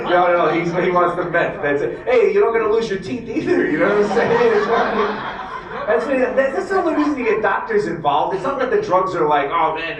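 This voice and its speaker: Here a comedy host with a high-pitched voice works the crowd at a casino showroom, ribbing audience members in a brash, foul-mouthed live stand-up set. Captured from a distance in a roomy space, the audio carries the crowd plus slight background noise.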